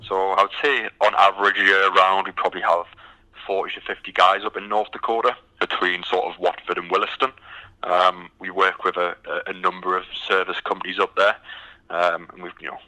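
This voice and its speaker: Low-pitched and fairly quick, this UK man's British-accented voice comes through a rough recording. Appearing as a recruitment company guest, he answers interview questions casually, restarting often and saying um a lot.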